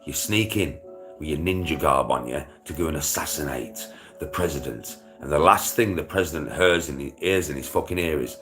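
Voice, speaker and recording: A man's voice: very deep voice, normal speed, a bit bright, soft background music. A man livestreaming casual chat to his viewers, rambling and swearing, with frequent laughter.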